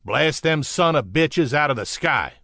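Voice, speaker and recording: A man voicing a gruff, barking old male ship captain who speaks in a fatherly way. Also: a little high, lively intonation, a little slow, sharp tone, no room sound, studio quality, heavily acted.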